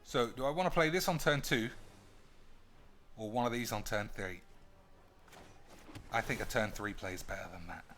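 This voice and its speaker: A man's voice: fairly low pitch, normal speed, pauses often, a bit bright. A man streaming a card game, thinking aloud with crude, joking banter. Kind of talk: casual gameplay commentary.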